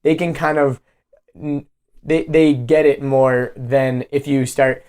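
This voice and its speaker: A man's voice: medium pitch, little pitch movement, slow pace, a crowd in the background. A man from the southern United States chatting casually as a podcast co-host, rambling and using lots of fillers. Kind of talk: casual chat.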